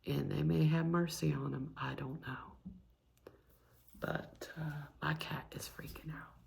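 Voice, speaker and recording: A young woman with a Southern US accent, a whispered ASMR chat host who drifts between soft whispers and a low spoken voice. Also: fairly even intonation, a little slow, gravelly, slight background noise.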